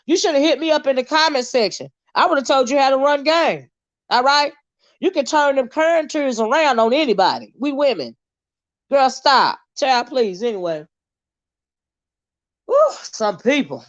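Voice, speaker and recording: A woman's voice: a little high, lively intonation, moderate pace, no echo, lo-fi sound. A woman hosting a casual live-stream commentary, sassy, blunt and profane as she talks to her viewers. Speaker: host.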